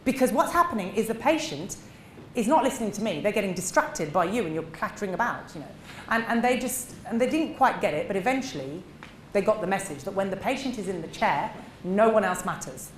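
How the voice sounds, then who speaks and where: A middle-aged woman, a dentist giving a seminar talk, animated and emphatic, acting out short exchanges. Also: medium pitch, fairly quick. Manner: animated, acts out little dialogues, emphatic. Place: seminar room. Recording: echoey room with faint noise.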